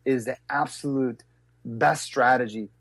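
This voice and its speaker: A middle-aged man telling stories as an interview guest, acting out quotes with big jumps in his voice. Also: unhurried. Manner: lively, acts out quotes with big pitch jumps. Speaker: guest speaker and business coach. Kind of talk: animated storytelling interview.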